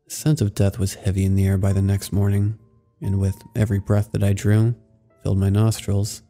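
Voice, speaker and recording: A man reading a scary story aloud in a measured, somber storytelling manner. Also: fairly low pitch, monotone, warm tone. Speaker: narrator. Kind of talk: scripted horror story narration. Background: faint music.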